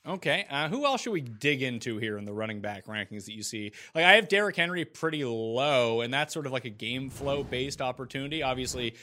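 A man co-hosting a casual sports podcast with a bright, forceful voice. He talks loosely and fills his talk with "like". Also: medium pitch, expressive, brisk, few pauses. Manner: loose and chatty, full of "like". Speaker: podcast co-host.

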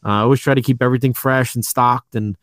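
A man's voice: mid-range voice, fairly even intonation, fast talker. A man with a New York accent, a toy store owner chatting on a podcast in a rambling way, full of fillers and restarts. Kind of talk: casual podcast chat.

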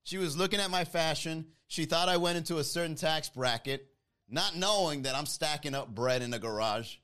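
Animated man telling a comic story. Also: a little high, moderate pace, clean tone. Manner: animated, mimics people in his story. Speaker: podcast host.

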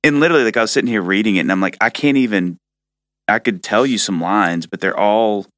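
Low-voiced podcast dude, gets all animated about songs, loses his sentences, dry mic. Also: quick pace, dry recording. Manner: animated, emphatic, trails off mid-sentence. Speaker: podcast co-host. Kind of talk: casual music chat.

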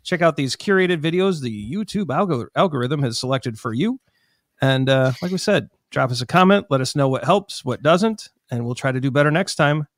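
A man co-hosting a casual podcast discussion, his voice a little higher than most. He makes his points with emphasis and rattles off lists of questions in quick succession. The recording is dry and close, with no room echo. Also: lively intonation. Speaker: podcast co-host.

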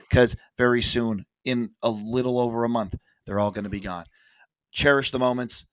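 A man's voice: medium pitch, clean tone, no room sound. A man co-hosting a casual sports podcast, talking emphatically, restarting phrases and dropping in frequent "all right"s. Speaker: podcast co-host.

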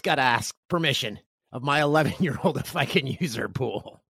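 Animated man telling a story. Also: mid-range voice, brisk, creaky, husky, dry recording, studio quality. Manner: animated, jokey, acts out quotes. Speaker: podcast host. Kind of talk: casual comedic storytelling.

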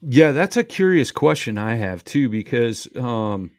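A man's voice: mid-range voice, sing-song, a little slow, no echo, studio quality. An American man talking in a laid-back, slangy casual chat. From United States.

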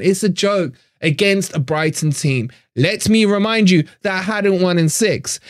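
A man's voice: high-pitched, no room sound, studio quality. Frustrated man ranting on a stream. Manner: frustrated, swearing, repeats himself. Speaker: fan channel host. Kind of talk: live stream rant.

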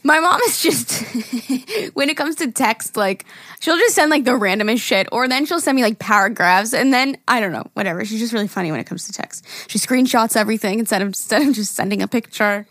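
A woman's voice: fairly high pitch, fairly quick, a bit bright, dry recording, studio quality. A young woman co-hosting a podcast, telling a funny family story in casual chat and reading text messages aloud between laughs. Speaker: podcast co-host.

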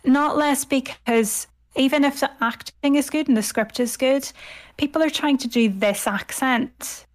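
A woman's voice: high voice, measured pace. A woman in her thirties with an Irish accent, a scholar speaking in a toned-down posh telephone voice as a podcast guest. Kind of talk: podcast conversation.

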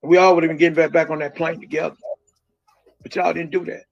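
A man's voice: on the high side, little pitch movement, fast talker, gravelly, no room sound, lo-fi sound. A middle-aged man speaking as a grieving father, talking emphatically and repeating his points firmly. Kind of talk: emotional conversation.

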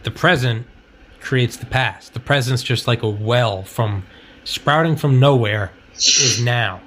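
A man's voice: mid-range voice, slow pace, fairly bright tone, a little hiss or hum. A young man hosting a podcast in casual chat, rambling and swearing, laughing often. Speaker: podcast host.

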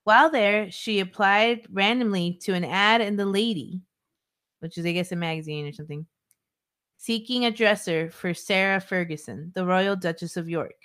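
A woman's voice: mid-range voice, normal speed, a bit bright. A woman co-hosting a true-crime podcast, reading her notes with chatty asides. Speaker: podcast co-host narrating a case.

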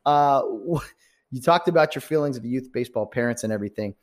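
A man, a baseball umpire and podcast co-host, asking his partner questions in an animated, often laughing, casual chat. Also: mid-range voice, fast.

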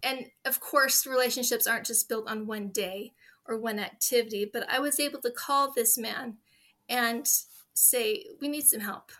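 A woman in her forties speaks as an interview guest, sharing stories in an earnest, heartfelt way. Her voice sits a little high with a very bright, clear tone. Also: steady tone, moderate pace. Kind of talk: conversational interview.

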